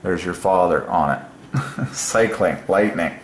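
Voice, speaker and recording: A man with a slightly low voice talks through puzzles by himself, marveling aloud and chuckling as he goes. The room around him is roomy and echoey, with a faint hum of ambience underneath. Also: slow. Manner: enthusiastic, marvels aloud, chuckles between points. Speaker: solo presenter of word-number puzzles. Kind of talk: excited thinking-aloud monologue.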